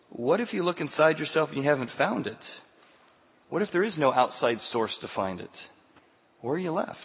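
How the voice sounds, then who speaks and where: Husky-voiced male preacher, phone-like and echoing. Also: fairly high pitch. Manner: emphatic, full of rhetorical questions. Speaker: pastor. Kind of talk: sermon. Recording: tinny, phone-like sound with long hall reverb.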